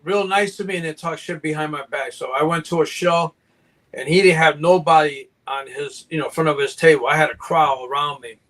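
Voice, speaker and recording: A man from Puerto Rico, a guest snake breeder, chatting casually on a live video call, easygoing and quick to laugh. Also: fairly high pitch, a bit bright, low-quality recording. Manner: easygoing, laughs often, loose grammar. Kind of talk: casual live-stream chat.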